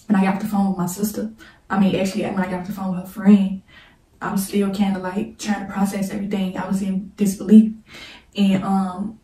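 Emotional woman with a mellow voice, recorded in an echoey room. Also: mid-range voice. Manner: halting, repeats "like", prays between passages. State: holding back tears. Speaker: storyteller vlogger. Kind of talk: emotional personal storytime. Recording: roomy, echoey room mic set at a distance.

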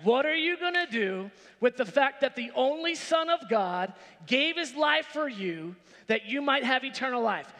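Male pastor with a very high, sharp voice, preaching emphatically in a reverberant church hall with music underneath. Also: lively intonation, normal speed. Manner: emphatic, repetitive preaching with rising exclamations. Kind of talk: sermon. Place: church sanctuary.

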